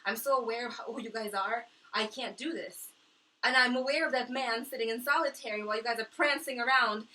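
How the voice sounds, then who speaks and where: A distressed young woman speaking to camera in her small kitchenette, impassioned and profane, dropping to low mutters and rising to shouts. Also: brisk, distant mic, rough recording. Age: young adult. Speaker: vlogger. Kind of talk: emotional monologue to camera.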